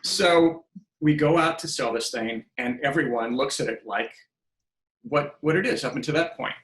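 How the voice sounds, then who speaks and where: With slight background noise and a roomy, rough sound, a man in his fifties speaks at a moderate pace in a medium pitch. He's a podcast guest in a casual storytelling interview, animated, acting out the dialogue he quotes.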